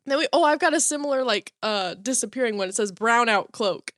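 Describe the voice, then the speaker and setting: A woman co-hosting a casual podcast, her high voice swooping all over as she keeps dissolving into giggles. The sound is dry and close, with no room around it. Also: animated, a little fast, hardly any pauses, a bit bright, dry recording. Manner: giggly, keeps breaking into laughing fits. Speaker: podcast co-host. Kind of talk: casual chat.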